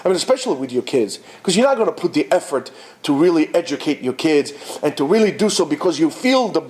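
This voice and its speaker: A high-voiced man preaches to his students in an informal Torah talk. His pitch swoops all over as he urges and scolds, sprinkling in Hebrew words. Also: brisk. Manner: animated and exhortative, mixing Hebrew terms, swooping pitch. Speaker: rabbi teaching at a yeshiva.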